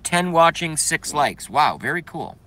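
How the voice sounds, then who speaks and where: A man's voice: on the high side, expressive, a little slow, sharp tone. A man hosting a casual livestream, reading viewer comments and ranting bluntly with profanity, congested and coughing now and then. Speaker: livestream host.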